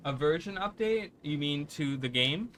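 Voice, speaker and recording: Fast-rambling male gaming streamer. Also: a little high, expressive, a bit bright, a little hiss or hum. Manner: fast-talking, rambling, many restarts. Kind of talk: live-stream gameplay chat.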